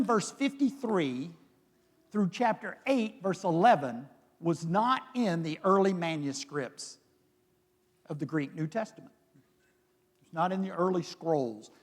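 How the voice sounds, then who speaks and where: A man's voice: high-pitched, big-room sound. A man preaching a sermon as a pastor, retelling scripture in a conversational, dramatic storytelling manner. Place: church sanctuary.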